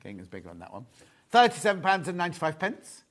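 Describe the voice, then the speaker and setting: A man's voice: on the high side, huge pitch swings, quick pace. A man presenting a live shopping show, chatty and gushing, repeating his phrases as he shows off fabrics. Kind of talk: live sales chat.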